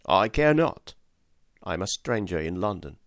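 A man voicing a starved, defiant young male captive who answers in a weak, low voice. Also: big pitch swings, a little slow, gravelly, dry recording, studio quality, heavily acted.

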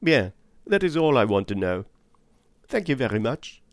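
A calm, fussy elderly detective with a French-tinged accent, as a male narrator puts him on. His precise questions rise and fall in a lively way, recorded dry and close for an audiobook. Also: medium pitch, moderate pace, no echo. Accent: put-on French-tinged. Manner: precise, placid, calmly probing. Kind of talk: audiobook reading.

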